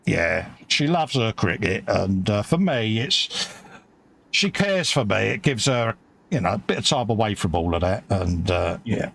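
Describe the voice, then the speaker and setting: A man's voice: on the low side, sing-song, unhurried, creaky, fairly bright tone. A man with a Cockney accent hosting a casual live model-building stream, chatty and matey, reading out viewer comments. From England. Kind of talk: casual chat. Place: home hobby workbench.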